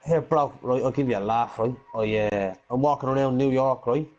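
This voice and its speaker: A man's voice: medium pitch, moderate pace, darkish tone, dull audio. A man with a Dublin Irish accent telling a rambling, sweary story in casual voice chat, full of fillers like "you know". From Ireland.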